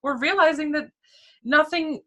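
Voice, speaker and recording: Upbeat lady cohost, bright sharp voice, keeps agreeing. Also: sits high, a little slow. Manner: enthusiastic, affirming. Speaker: podcast co-host. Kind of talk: casual chat.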